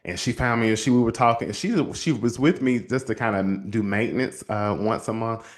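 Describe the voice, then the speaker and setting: A man hosting a show and telling a story from his counseling work in a lively, casual way, calling his listeners y'all. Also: medium pitch, a little fast. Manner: animated, addresses listeners as y'all, acts out quotes. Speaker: host and counselor.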